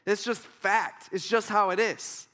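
A man's voice: high voice, fairly even intonation, measured pace, bright, forceful tone. A man preaching a sermon in a casual, conversational way, acting out the people in his story. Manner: conversational, playful, acts out dialogue in voices.

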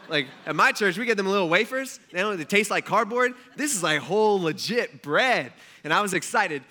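Male pastor, fairly high bright voice, chatty anecdotal sermon delivery. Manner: storytelling, conversational and animated.

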